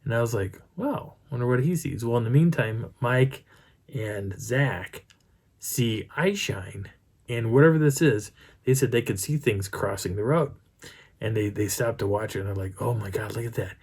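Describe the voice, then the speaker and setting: Husky man telling a spooky campsite story. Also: medium pitch, moderate pace. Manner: rambling, animated retelling with many restarts. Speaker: Bigfoot researcher telling a field story. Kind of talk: casual first-person storytelling.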